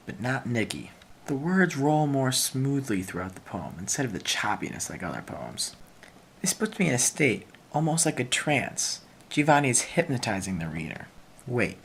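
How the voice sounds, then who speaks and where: Young male vlogger, lowish voice, playful and tongue-in-cheek, light hiss behind. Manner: playful, with mock-dramatic asides. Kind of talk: casual literary analysis.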